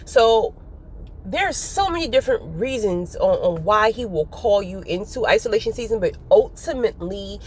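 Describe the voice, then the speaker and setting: A woman giving a casual spiritual talk to her viewers, animated and often breaking into laughter. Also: medium pitch, normal speed, slight background noise. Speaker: faith vlogger.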